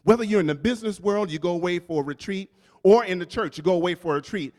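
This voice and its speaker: A man's voice: high voice, fast, darkish tone. A male pastor preaching a sermon, calling out to the congregation and repeating key lines for emphasis. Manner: preaching with call-outs to the congregation. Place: church sanctuary. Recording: long reverb from a church hall.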